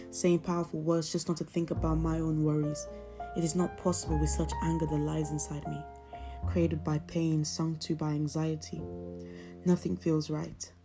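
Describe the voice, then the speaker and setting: A young woman with a low voice reads her own spoken word poetry, her delivery intense and emotional. Guitar music plays clearly behind her. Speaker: poetry podcast host.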